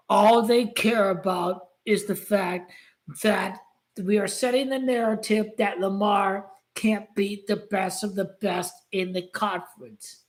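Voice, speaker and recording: A woman's voice: mid-range voice, low-quality recording. A woman giving casual, skeptical commentary with an argumentative edge. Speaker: sports commentator. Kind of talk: casual opinion talk.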